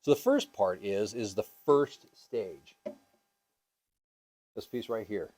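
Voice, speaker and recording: A man's voice: lowish voice, slow, darkish tone. A man teaching a scuba diving class, casual and upbeat, with many ums and uhs, asking the class questions.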